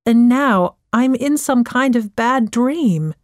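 A woman reading aloud, voicing a frightened young girl in a high, pleading voice. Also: lively intonation, takes it slowly, dry recording, clean studio sound. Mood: anxious.

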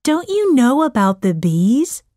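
A woman's voice: sits high, very animated, unhurried, dark tone, no room sound, clean studio sound, voice pushed up. A woman reading a story, voicing a curious teenage boy with blunt questions.

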